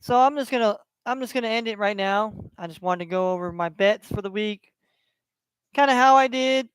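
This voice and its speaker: High, smooth-voiced man on a blunt livestream. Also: normal speed, dry recording. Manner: profane, blunt and repetitive, heated when passionate. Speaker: sports livestream host. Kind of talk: solo livestream rant and score updates.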